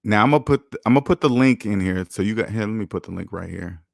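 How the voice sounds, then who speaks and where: A man's voice: lowish voice, quick pace, vocal fry, no echo, studio quality. A man hosting a finance video, lecturing his viewers in an emphatic, repetitive way and reading an article aloud with running commentary. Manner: emphatic, repetitive, lecturing, swings loud and soft. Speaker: personal finance vlogger.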